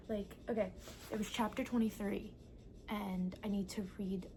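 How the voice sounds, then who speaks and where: A young woman vlogging casually about her reading, excitable and gushing, swearing often. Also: medium pitch, a little fast, slight background noise. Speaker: book vlogger. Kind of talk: casual vlog chat.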